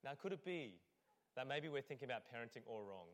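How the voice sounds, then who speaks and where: A man's voice: medium pitch, animated, fast talker. A man, a lead pastor and a parent, preaching a conversational sermon in church with frequent fillers. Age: adult parent. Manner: conversational, with fillers; acts out scenes.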